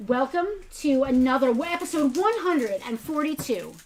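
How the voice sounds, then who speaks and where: A woman's voice: high-pitched, lively intonation, moderate pace. A woman co-hosting a toy shop's live stream, chatting casually with frequent laughs and rambling asides.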